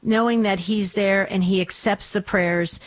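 A woman's voice: medium pitch, fairly even intonation, measured pace. A woman hosting a call-in radio program, speaking in an earnest and encouraging way. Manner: encouraging, earnest, warmly inviting. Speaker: radio show host.

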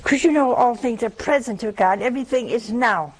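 A woman giving a chatty Catholic sermon full of anecdotes, telling stories in an animated way with sudden hushed asides. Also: fairly high pitch, fairly quick, rough recording. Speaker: Catholic speaker.

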